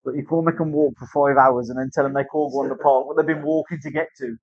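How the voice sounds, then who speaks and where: In a tattoo studio, a British man tells a casual story fast, in a steady, mid-range voice, swearing often and doing other people's voices. There's no echo; the recording is dry with a slightly dull sound.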